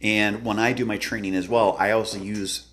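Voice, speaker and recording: A man working as a dog trainer, giving an earnest instructional talk about obedience work, repeating his points and acting out the commands he gives. He describes himself as having a good, loud voice. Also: level tone, normal speed. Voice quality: loud booming voice.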